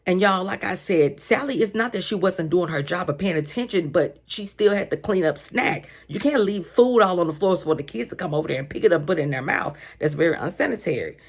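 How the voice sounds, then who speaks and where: A woman's voice: fairly low pitch, expressive, brisk, hardly any pauses, slightly rough. A woman casually telling a story about her daycare workplace, addressing her listeners directly with many asides. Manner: chatty, addresses listeners as y'all, lots of asides.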